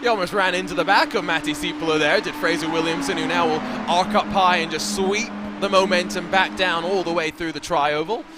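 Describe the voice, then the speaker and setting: A man commentating an esports endurance race, analytical and brisk with jokey asides. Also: high-pitched, fairly even intonation, very noisy.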